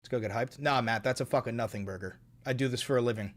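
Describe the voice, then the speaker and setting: A man's voice: medium pitch, fast talker, fairly bright tone. A man streaming live, giving sarcastic, profane commentary while reacting to posts and videos.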